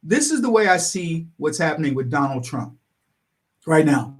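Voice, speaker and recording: Animated, high-voiced male talk host. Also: moderate pace. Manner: animated storytelling, acting out other people's lines; chuckles between points. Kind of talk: political livestream commentary.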